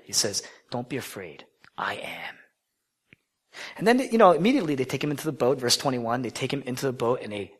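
A man preaching a sermon in a conversational way, asking the listeners questions and swinging from loud declarations down to hushed whispers. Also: mid-range voice, slightly rough.

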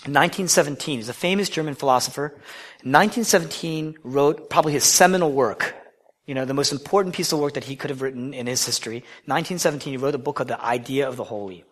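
A man preaching a sermon in a conversational way, asking the listeners questions and swinging from loud declarations down to hushed whispers. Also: mid-range voice, fast.

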